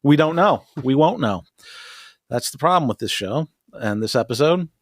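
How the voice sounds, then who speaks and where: A man's voice: medium pitch, animated, normal speed, dry recording, studio quality. A man co-hosting a podcast, recapping an episode in casual, profane chat, laughing often and mimicking characters. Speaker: podcast co-host.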